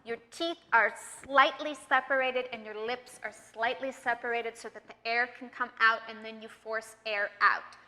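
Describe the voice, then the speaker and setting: A woman with an American accent teaching pronunciation in an online lesson, speaking clearly, patiently and encouragingly. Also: on the high side, fairly even intonation, normal speed, hardly any pauses, sharp tone, big-room sound. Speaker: accent trainer.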